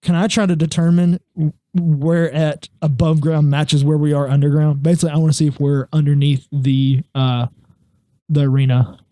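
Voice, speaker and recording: A man's voice: a little high, flat delivery, warm tone, no echo, studio quality. A man with a Southern US accent, a player and co-host chatting casually and joking. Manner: jokey, quick to laugh. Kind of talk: casual chat at a tabletop game.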